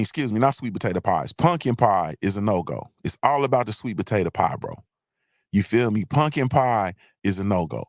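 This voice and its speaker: A man's voice: mid-range voice, no echo, studio quality. A man hosting a live online show, ranting in a casual, profane, repetitive way. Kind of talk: casual comedic rant.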